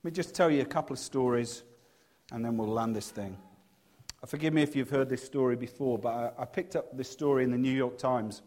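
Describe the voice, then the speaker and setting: A middle-aged man with a mid-range voice preaches a sermon earnestly but haltingly, restarting often and dropping to a hush when telling personal stories.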